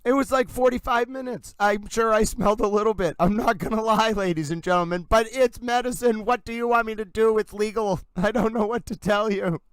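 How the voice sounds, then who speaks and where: High, smooth-voiced man hosting a livestream. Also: a little fast, hardly any pauses, dry recording, rough recording. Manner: excitable, rambling, chatty with laughs. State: wired on caffeine. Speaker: livestream host. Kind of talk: casual livestream chat.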